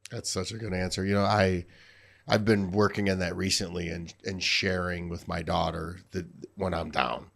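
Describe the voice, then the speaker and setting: A man's voice: low-pitched, steady tone, normal speed, vocal fry, a bit bright. A man hosting a podcast, asking long probing questions and reflecting openly on his own struggles. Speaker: podcast host. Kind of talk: conversational interview.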